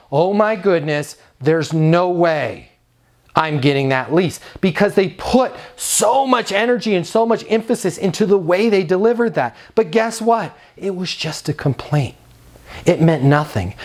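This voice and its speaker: Guy coaching leasing agents, pretty high voice, punchy and direct, leans hard on words. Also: expressive, a little slow, darkish tone. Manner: emphatic, direct, stretches key words. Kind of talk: motivational training talk.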